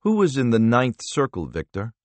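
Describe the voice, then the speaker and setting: A man voicing a calm, menacing male interrogator who speaks softly and slowly with quiet threat. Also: medium pitch, dry recording. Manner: soft, slow, quietly threatening.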